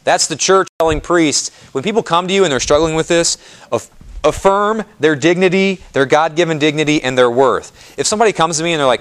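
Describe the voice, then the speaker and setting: A man's voice: on the high side, fairly quick. A man, a Catholic priest, giving a casual, conversational talk to a parish audience. He repeats phrases for emphasis, checks in often with the listeners and asks them questions. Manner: repeats phrases for emphasis, soothing "just calm down"; asks the audience questions and answers their replies. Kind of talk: parish presentation to a live audience.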